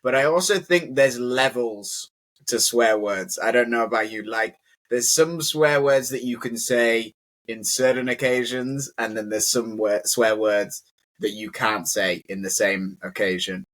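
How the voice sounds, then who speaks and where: A man's voice: medium pitch, a little slow, fairly bright tone. A British man teaching English in a casual conversational lesson, chatty and full of "like" fillers.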